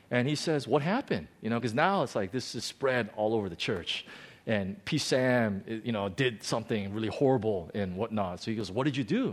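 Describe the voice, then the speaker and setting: A pastor telling a story from his own ministry during a sermon, animated and self-deprecating, often restarting his sentences. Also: mid-range voice.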